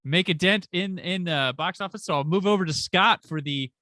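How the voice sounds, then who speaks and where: A man's voice: sits high, moderate pace, bright, forceful tone, dry recording. A man hosting a podcast in casual chat, easygoing, steering between topics and passing the floor to his co-host. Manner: easygoing, hands off topics, short agreeing replies.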